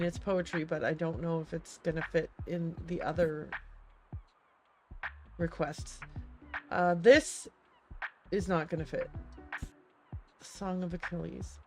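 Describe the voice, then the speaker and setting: Woman streaming a cozy game, rambling, lots of "like", soft music behind. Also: on the low side, little pitch movement, slow, long pauses. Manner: chatty, thinks aloud, hesitant with fillers. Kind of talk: let's-play commentary and reading game text.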